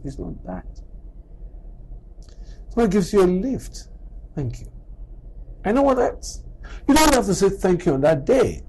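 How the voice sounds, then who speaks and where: In a husky, medium-pitched voice at a normal speed, a middle-aged man gives a motivational talk as a doctor; the recording quality is low. He's an animated storyteller who acts out the exchanges he quotes and fires off rhetorical questions.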